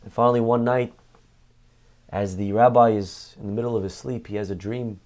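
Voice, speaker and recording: A man, a rabbi, teaching a Torah class through a story. He tells it dramatically, slowing down and lifting his voice at the emotional peaks. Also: on the low side, fairly even intonation, a little mellow.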